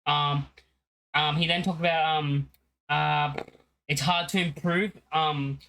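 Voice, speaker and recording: A man's voice: a little high, fairly even intonation, slow pace, pushed and bright, poor audio. A young man talking casually as a football fan channel host, rambling, with many fillers and restarts.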